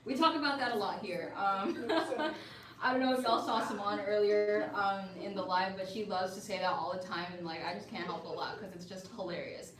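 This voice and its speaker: An upbeat, chatty woman pitches hair products on a live stream, calling out to her viewers in a friendly, casual way. She sits a little back from the mic in an echoey room. A faint hum of ambience runs underneath. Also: moderate pace, fairly bright tone, distant mic. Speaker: livestream seller.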